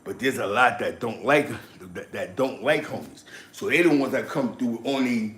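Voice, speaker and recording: A man tells street and prison stories in a casual chat, acting out others' words with animation and frequent laughter. His medium-pitched voice keeps a normal speed with few pauses, and the room is echoey.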